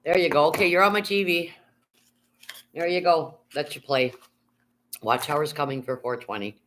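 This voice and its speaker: A live streamer lies in bed at home, chatting casually into a phone held in one hand. The voice is medium-pitched and slightly bright, at a moderate pace, as they ramble and read viewer comments aloud.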